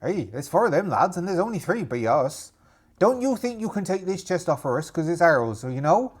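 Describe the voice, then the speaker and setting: A man's voice: on the high side, very animated, fairly quick, pitched above the performer's own voice. A man voicing a territorial rival pirate leader who threatens. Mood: threatening. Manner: muddled pirate dialect, threatening, repetitive.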